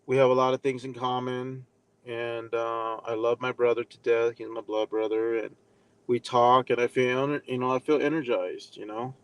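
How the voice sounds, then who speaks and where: A man's voice: medium pitch, level tone, normal speed, clean tone. A man giving a casual live lesson, rambling with many fillers and speaking bluntly, with some profanity. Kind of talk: casual live-stream talk.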